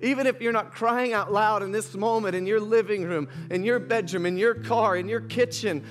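Impassioned high-voiced male pastor preaching. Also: normal speed, soft background music. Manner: emotional, impassioned preaching with repeated phrases. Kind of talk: sermon. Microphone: streamed to online viewers.

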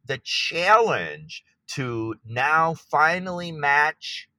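A man's voice: fairly high pitch, big pitch swings, very slow, pushed and bright, dry recording. A man speaking as an artist guest in an interview, talking with enthusiasm and sometimes searching for words. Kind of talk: interview conversation.

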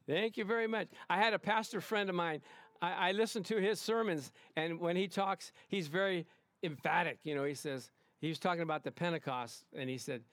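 A male pastor preaching a lively sermon to his congregation, emphatic and excitable, often calling out "Amen?". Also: high voice, brisk, no room sound. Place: church service in front of a congregation.

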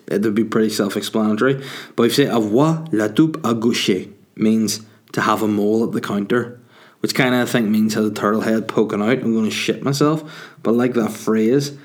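Rambling, crude-joking man, slightly low. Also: moderate pace. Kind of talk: casual rambling monologue. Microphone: desk microphone.

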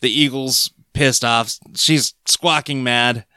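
Bright, crisp-voiced male podcast co-host. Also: medium pitch, fairly even intonation, slow, dry recording, clean studio sound. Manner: narrates plot points with chuckles. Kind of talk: casual chat recapping a cartoon.

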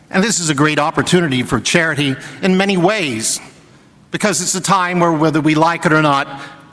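Priest, male, homily delivery, slightly higher voice, long church reverb. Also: a bit bright. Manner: storytelling homily with acted quotes. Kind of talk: sermon.

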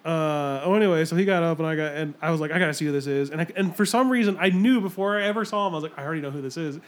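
A man's voice: fairly high pitch, very fast. A young man co-hosting a podcast, chatting casually and laughing often as he tells stories. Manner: laid-back, laughs often. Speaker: podcast co-host.

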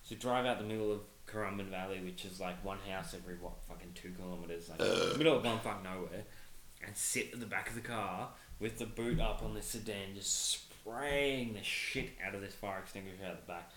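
A young man spins rowdy stories in a casual chat, swearing freely and laughing along. His voice is bright and forceful, recorded in an echoey room. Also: fairly low pitch, fairly quick, slight background noise. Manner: crude, swears often, laughs through stories.

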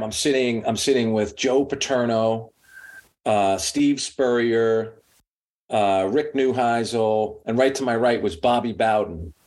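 A middle-aged man talks loosely as an interview guest, padding his sentences with "like" and "you know" and livening up when he quotes people. His voice sits at a middling pitch. He sounds relaxed and conversational. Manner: rambling, heavy on "like" and "you know", lively when quoting. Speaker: sports media executive, guest. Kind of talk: casual interview storytelling.

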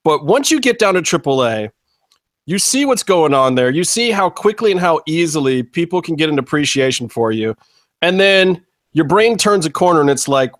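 A man's voice: on the high side, big pitch swings, normal speed, a bit bright, dry recording. A man hosting a casual interview, asking rambling, blunt questions with some swearing. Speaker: podcast host. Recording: dry close sound.

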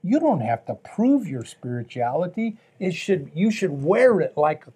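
A man's voice: fairly high pitch, very animated, a little slow, mellow, slightly rough. A man, a pastor, talking earnestly on a faith talk show, with a preaching tone and repeated phrases.

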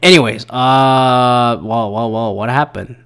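A man's voice: medium pitch, slow, vocal fry, fairly bright tone, smooth. A man in his thirties giving casual solo commentary as host, rambling and swearing, with lots of fillers and restarts. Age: 30s.

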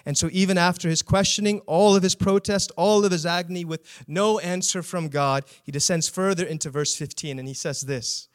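Man preaching, fairly high voice, earnest, keeps asking the room questions. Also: steady tone, a little fast, few pauses. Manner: earnest, rhetorical questions to the congregation. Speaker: pastor. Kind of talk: sermon.

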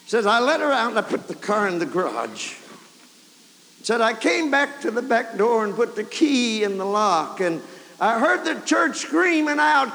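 A man's voice: high voice, sing-song, a little slow. Fervent preacher man in a hall. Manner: builds from hushed retelling to fervent shouting. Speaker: evangelist preacher. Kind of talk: revival sermon storytelling. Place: large camp meeting hall or tabernacle. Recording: 1990s camp meeting tape, hall reverb, faint hiss.

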